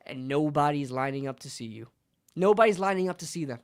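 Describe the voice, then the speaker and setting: A man's voice: fairly high pitch, lively intonation, brisk. A man hosting a sports channel, passionately arguing an opinion and repeating points for emphasis. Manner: passionate, repetitive, argumentative.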